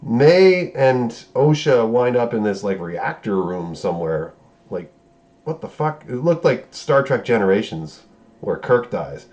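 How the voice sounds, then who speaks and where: A man's voice: medium pitch, sing-song, unhurried, a little mellow, highs cut off. A man giving a casual recap of a show episode, profane and sarcastic, breaking into incredulous outbursts. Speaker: show reviewer.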